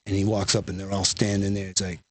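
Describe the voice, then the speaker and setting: A man's voice: low-pitched, flat delivery, fast, slightly rough, no echo. A man guest, a lead singer, telling stories in casual conversation, rambling and full of "you know" and "like".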